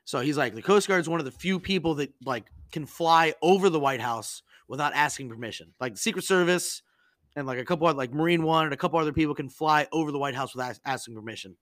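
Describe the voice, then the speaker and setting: A man hosting a podcast, telling stories in a casual, animated and profane way and acting out the people he quotes. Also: a little high, quick pace, dry recording. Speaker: podcast host. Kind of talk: casual storytelling chat.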